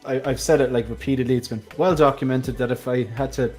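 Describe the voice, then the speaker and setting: A man's voice: mid-range voice, steady tone, quick pace, darkish tone, soft background music. Chatty Irish man hosting a stream. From Ireland. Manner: chatty, reads viewer comments aloud. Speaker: livestream host. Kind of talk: casual chat.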